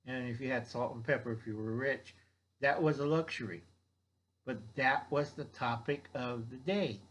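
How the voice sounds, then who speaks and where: A man's voice: mid-range voice, moderate pace, fairly bright tone. An older man giving a blunt, rambling survival lecture, often checking in with "okay?" and mocking people in put-on voices. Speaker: survival vlogger. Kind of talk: rambling instructional monologue.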